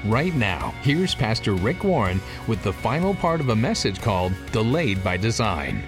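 A man reading the scripted opening of a radio ministry broadcast in a smooth promotional style. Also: on the low side, big pitch swings, normal speed, over music. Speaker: radio program announcer.

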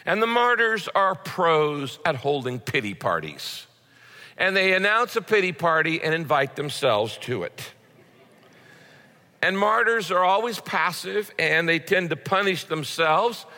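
A man's voice: on the high side, sing-song, unhurried, sharp tone. A man preaching a sermon as a pastor, in a conversational way with frequent repeated words. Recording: long hall reverb.

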